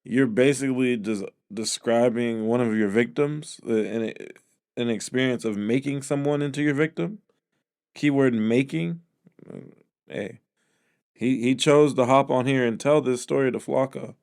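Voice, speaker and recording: A man's voice: medium pitch, gravelly, a little mellow. Sarcastic male commentator. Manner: sarcastic, incredulous, many filler pauses. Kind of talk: reaction commentary.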